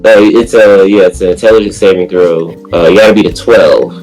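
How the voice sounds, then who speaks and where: Deep-voiced man running a tabletop game. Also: steady tone, fairly quick, darkish tone, soft background music, rough recording. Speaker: game master.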